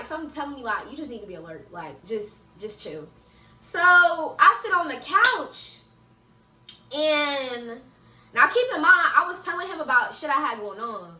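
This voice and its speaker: A young woman telling a casual story-time vlog, animated and laughing often, with frequent swearing, recorded in an echoey room a little away from the mic. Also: high-pitched, recorded from a distance. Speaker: vlogger.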